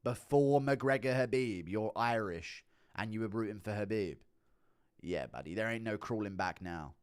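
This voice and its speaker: A man's voice: on the low side, normal speed, clean tone. A man from Canada, a streamer joking crudely while reading out donations. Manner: crude, mocking jokes. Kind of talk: casual livestream chat reading donations.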